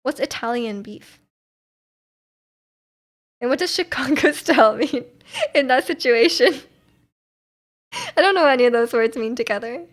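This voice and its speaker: High-pitched young woman streamer, chatty and giggly, reading chat aloud in a relaxed casual tone at a home streaming setup. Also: unhurried, pauses often. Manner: chatty and giggly, with frequent laughs and filler words. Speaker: livestream host.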